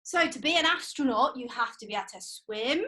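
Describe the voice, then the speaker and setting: This young preschool educator counts along with exercises in a cheerful video lesson, leading the children's movement in a sing-song manner. Her high-pitched voice is expressive and sharp, a little fast.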